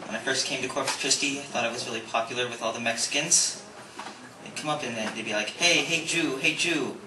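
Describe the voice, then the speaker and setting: A young man doing a stand-up comedy set in a comedy club, deadpan and self-mocking. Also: mid-range voice, fast talker. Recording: echoey club recording from far off, very noisy.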